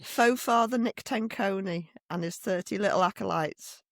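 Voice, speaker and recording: A middle-aged woman, co-hosting a podcast and telling stories in a blunt, animated way with plenty of swearing. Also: medium pitch, moderate pace, no room sound, studio quality. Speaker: podcast co-host. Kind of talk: casual chat. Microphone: desk microphone.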